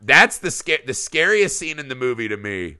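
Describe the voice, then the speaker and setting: A man in his thirties co-hosting a casual movie podcast, animated and profane, acting out quotes with big jumps in his voice. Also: mid-range voice, normal speed, smooth, no room sound, clean studio sound. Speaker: podcast co-host.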